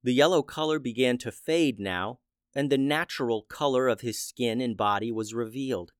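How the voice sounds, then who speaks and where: A man narrating a children's adventure story in a steady, plain way. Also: mid-range voice, moderate pace, smooth, no room sound, studio quality.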